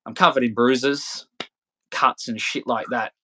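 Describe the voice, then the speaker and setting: A young adult man with an Australian accent speaks at an unhurried pace in a steady, fairly bright, medium-pitched voice, with slight background noise. As a podcast guest he tells his story casually, bluntly, profanely and full of fillers.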